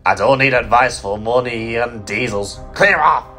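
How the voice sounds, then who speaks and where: Donald, a man voicing a gruff steam engine. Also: medium pitch, steady tone, normal speed, sharp tone, soft background music, close to an everyday voice. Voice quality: gruff, suspicious, huffy. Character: gruff proud Scottish steam engine, male. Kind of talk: audiobook fan story reading.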